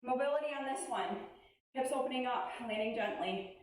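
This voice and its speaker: Out-of-breath woman workout coach, upbeat cueing, distant in a boomy room. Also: a little fast, heavy reverb. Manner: encouraging, cueing moves between breaths. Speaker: fitness instructor. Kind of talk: workout instruction while exercising.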